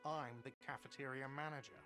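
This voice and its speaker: A man's voice: mid-range voice, fairly even intonation, fairly quick, lightly acted. An actor in his late twenties playing a sarcastic, touchy cafeteria manager in a video game. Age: late 20s. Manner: sarcastic, dismissive. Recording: game audio with music behind.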